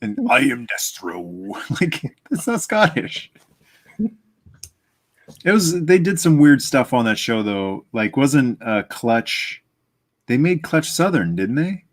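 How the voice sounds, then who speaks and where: Jokey male stream guest, lively pitch, laughs a lot, on a webcam call. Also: takes it slowly, pauses often. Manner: laughs often, jokey and animated. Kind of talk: casual live stream chat.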